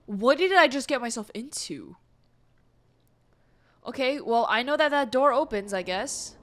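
Young woman gaming host, high and bright, unhurried, jumpy and chatty, talking to her chat. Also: lively intonation. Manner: easily startled, talks to the game and chat, gasps and exclaims. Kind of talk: casual let's-play commentary.

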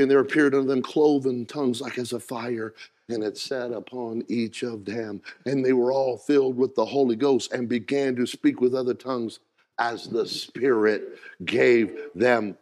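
A man preaching a sermon as pastor, folksy in his wording, moving from hushed storytelling to shouted, rising preaching. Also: medium pitch, steady tone, moderate pace. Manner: folksy, says "ain't" and "gotta".

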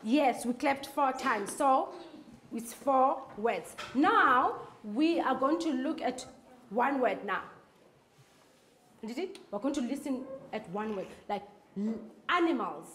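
In a classroom, a South African foundation-phase teacher with a high, slightly bright voice teaches phonics to young children. She is expressive, going slowly and repetitively and stretching out words as she claps.

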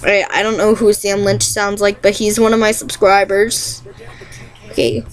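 A woman's voice: medium pitch, level tone, moderate pace, faint music behind. A young woman chatting casually and rambling through an impression challenge, self-deprecating between attempts. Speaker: youtuber doing impressions.

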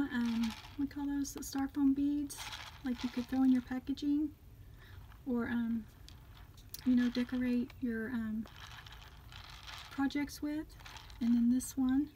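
A woman chatting casually as she unboxes craft gifts on her vlog, gushing with delighted exclamations and often dropping to a soft, near-whispered voice. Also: high-pitched, a little hiss or hum, rough recording. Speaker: craft vlogger unboxing a gift swap.

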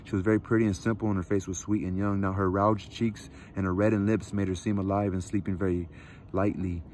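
Man, reading a novel aloud, measured, self-correcting, lowish voice, faint traffic outside. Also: little pitch movement, darkish tone. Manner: measured, stops to correct slips. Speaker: reader.

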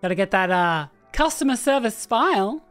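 A woman's voice: medium pitch, animated, normal speed. A woman casually talking through a horror game as she plays, thinking aloud and chatting to the characters on screen. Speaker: gaming streamer. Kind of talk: casual let's-play commentary. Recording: faint game music behind.

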